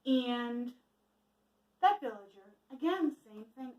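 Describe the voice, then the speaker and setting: A woman's voice: sits high, moderate pace. A woman telling a folk tale casually to a church audience, asking listeners questions while she cooks along. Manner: lively, asks the listeners questions. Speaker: storyteller for a church children's message. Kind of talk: casual storytelling with a cooking demo. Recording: echoey room from a distance.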